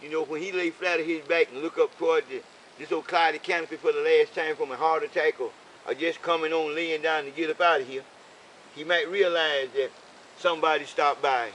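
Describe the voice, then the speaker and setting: Older man, bright forceful tone, sermon-like storyteller, light hiss and vehicle noise behind. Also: fairly high pitch, steady tone, a little fast, rough recording. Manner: preachy, repeats "okay?" for emphasis. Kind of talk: casual storytelling conversation.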